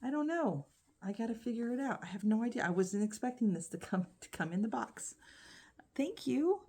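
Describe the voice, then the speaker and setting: A woman's voice: a little high, very animated, normal speed, dark tone, slightly rough. A woman chatting casually to her phone camera at home as she unboxes yarn, with frequent ums and restarts. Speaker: crochet vlogger.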